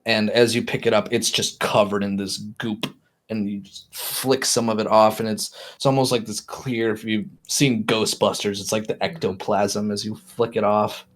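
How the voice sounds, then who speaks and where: A man narrating a tabletop game as game master, describing scenes in a halting way with many restarts. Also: on the low side, level tone.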